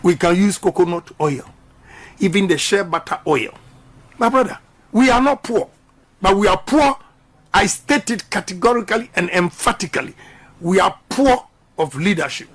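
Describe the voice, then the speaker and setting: Husky Ghanaian man, fiery and emphatic. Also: high voice, expressive, moderate pace. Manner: emphatic, repeats slogans, mixes English and Twi. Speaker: politician guest. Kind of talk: impassioned radio interview.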